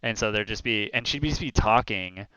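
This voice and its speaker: On a streamed talk show, a young male co-host tells casual, meandering stories in an animated way, leaning heavily on fillers. His voice sits on the low side, his pace is moderate, and there's no echo.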